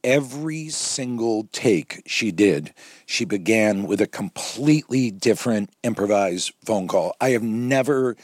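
A man, a film director, telling set stories in a lively conversational way, often acting out what people said. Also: fairly low pitch, unhurried, no echo, clean studio sound. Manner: animated storyteller, quotes people in voices. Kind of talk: conversational anecdotes.

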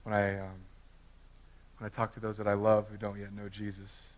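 A man preaching a sermon as pastor, swinging from hushed, intimate talk to loud, fervent passages and often repeating words. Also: on the low side, completely flat delivery, normal speed.

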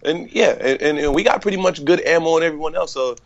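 A man's voice: fairly high pitch, fast talker, no echo, dull audio. A man co-hosting a casual online stream, loose and joking, swearing freely. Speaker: co-host.

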